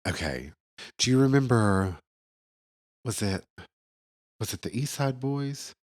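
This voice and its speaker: A man co-hosting a casual podcast in a middle-pitched voice that moves around a lot. He is congested, and his humor is dry and sarcastic in a playful way. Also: expressive, slow pace. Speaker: podcast co-host. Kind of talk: casual chat.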